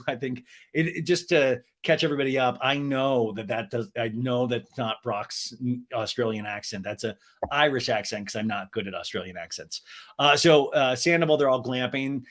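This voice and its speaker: A man hosting a podcast, recapping a reality show in an animated, gossipy and profane way. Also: medium pitch, moderate pace. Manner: animated, gossipy, swears and laughs often. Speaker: podcast host.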